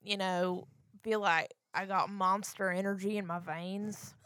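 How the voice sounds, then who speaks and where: Boastful redneck man, played by a woman, loud and drawling, dry mic. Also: lowish voice, completely flat delivery, takes it slowly, clear, resonant tone, dry recording.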